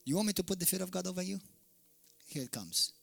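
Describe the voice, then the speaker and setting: A man from Malta preaching a fiery sermon as pastor, swinging from shouted peaks to sudden quiet drops. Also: high-pitched, lively intonation, fast talker, creaky, soft background music. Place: church hall.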